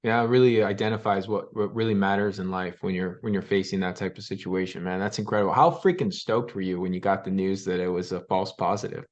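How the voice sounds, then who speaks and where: A man's voice: sits low, steady tone, fast talker, hardly any pauses, dull audio. A young man hosting a podcast, casual and upbeat, asking long rambling questions. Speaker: podcast host. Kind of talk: conversational interview.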